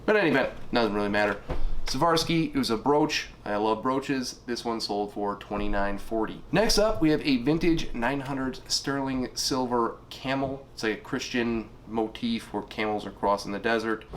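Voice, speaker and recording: With a little hiss or hum in the recording, a middle-aged man in a low voice gives a casual spoken rundown of what he's sold online. He wanders along, using filler words and tossing in uncertain side comments.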